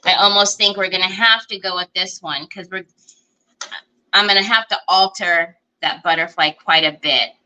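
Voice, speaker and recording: A woman's voice: lowish voice, fairly even intonation, normal speed, sharp tone, clear, resonant tone, poor audio. A woman hosting a live crafting stream, thinking aloud as she works and greeting viewers by name. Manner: chatty, greets viewers by name while working. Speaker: craft livestream host. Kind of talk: casual live crafting chat.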